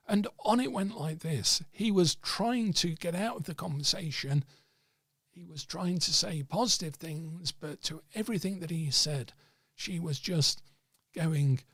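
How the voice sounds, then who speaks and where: A man tells a long story in a rambling, casual way, often stopping to search for a word. His voice is a little high, gravelly and husky, and it sounds close and dry with almost no room echo. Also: measured pace, fairly bright tone. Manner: rambling, with many fillers and restarts. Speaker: host of an occult discussion stream.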